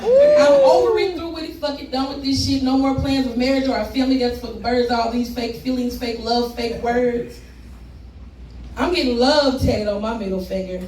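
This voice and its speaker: Woman, spoken word poet, rhythmic and blunt, higher voice, caught from a distance in an echoey room with background noise. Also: lively intonation, moderate pace, warm tone. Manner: rhythmic, blunt and profane, with laughing asides to the crowd. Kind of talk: live spoken word poetry performance. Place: live poetry event room with an audience.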